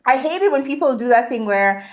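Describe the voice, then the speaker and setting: A woman co-hosting a podcast in casual chat, animated and switching between English and Swahili. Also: on the high side, fairly quick. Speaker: podcast co-host.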